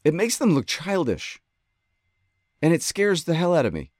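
A man from western New York telling a story in a casual monologue, animated and ranting, often cutting himself off mid-sentence. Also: fairly high pitch, moderate pace, no room sound, clean studio sound. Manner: animated, ranting, self-interrupting. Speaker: podcast host.

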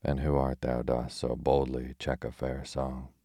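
A man reading a gruff blunt tinker. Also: very deep voice, monotone, a little slow, dark tone, no room sound, studio quality, heavily acted. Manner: blunt, archaic speech, scolding. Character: gruff quick-tempered male tinker, burly and blunt. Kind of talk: audiobook character reading.

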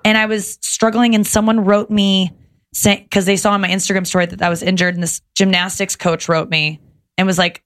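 A woman in her thirties, a podcast guest, telling stories in animated casual chat and swearing often. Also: mid-range voice, fairly quick. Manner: animated storytelling with frequent swearing.

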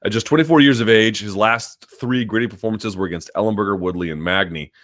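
A man's voice: lowish voice, a bit bright. A man hosting a live chat about a combat sport, reading viewer questions aloud and answering at length with many ums and restarts. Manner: talks quickly and hedges, lots of ums and restarts. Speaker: host.

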